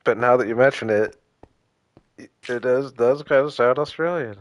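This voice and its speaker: A man casually chatting and joking with his viewers while playing a game, relaxed and full of small hesitations. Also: medium pitch, normal speed, lo-fi sound. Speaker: streamer. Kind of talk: casual live-stream chat with viewers.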